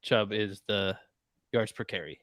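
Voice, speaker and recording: A man's voice: fairly low pitch, unhurried, a bit bright, no room sound, studio quality. A man co-hosting a casual sports podcast, laid-back and teasing in his banter. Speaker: podcast co-host.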